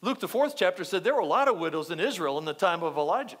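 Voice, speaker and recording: Male pastor, high voice, lively repetitive church sermon. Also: fast talker, hardly any pauses. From United States. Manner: animated, repetitive preaching with asides to the congregation.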